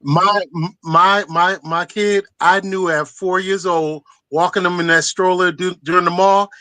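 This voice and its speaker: Man with a high, bright voice, laughs a lot in casual talk; dry sound. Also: steady tone, dry recording. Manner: laughs often, quick asides. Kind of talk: casual chat.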